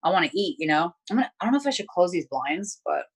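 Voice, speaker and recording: Young woman guest, a bit low-pitched, blunt and profane, casual chat. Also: very animated, fast, breathy edge. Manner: blunt, profane storytelling, heavy filler words. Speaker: interview guest.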